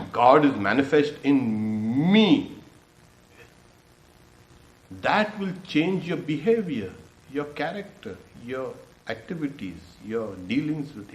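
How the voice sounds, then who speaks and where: A man giving a sermon as a swami, his voice carrying around an echoey hall. He laughs often as he talks and leaps up in pitch when he acts out people's questions. He sounds mid-pitched and unhurried. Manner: laughs often, animated with lively pitch jumps. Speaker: swami giving a spiritual talk.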